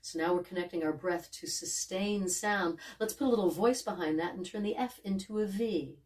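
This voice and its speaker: A woman coaching actors through a vocal warm-up, speaking calmly and gently and demonstrating sighs, yawns and hums. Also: lowish voice, normal speed, far from the mic. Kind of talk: guided vocal warm-up instruction.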